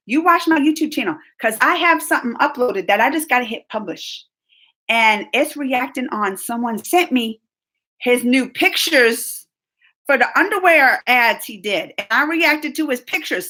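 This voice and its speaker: A woman's voice: high-pitched, sharp tone. A woman hosting her own reaction channel, chatting casually with viewers during a live stream, gushing and laughing often. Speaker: YouTube reaction channel host.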